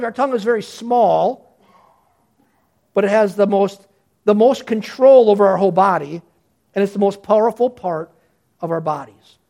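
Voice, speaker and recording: A man preaching a sermon with a fairly high voice and animated delivery. He talks to his congregation conversationally, often restarting mid-sentence as he builds his point. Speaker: pastor.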